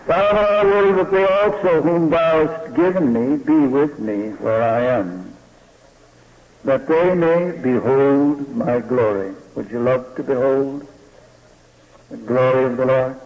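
A man preaching a sermon slowly and deliberately, often asking the listeners rhetorical questions. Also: medium pitch. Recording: dull lo-fi recording in a reverberant hall.

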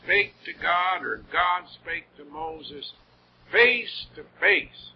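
A man's voice: a little high, lively intonation, slow pace, slightly rough. A man preaching a sermon in an earnest, heartfelt way, with rising emphasis on key words. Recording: dull lo-fi old recording with faint noise.

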